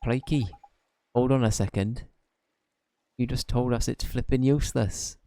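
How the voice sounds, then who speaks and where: A man's voice: mid-range voice, fairly even intonation, a little slow, warm tone, close to an everyday voice. A man reading the lines of a cheeky little male fairy sidekick in a blunt, slangy way.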